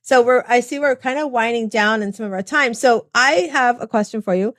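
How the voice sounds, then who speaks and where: A woman hosts a casual interview with an encouraging, chatty manner. Her voice sits a little high. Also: fairly quick. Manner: warm, encouraging, talks with like and you know. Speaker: podcast host.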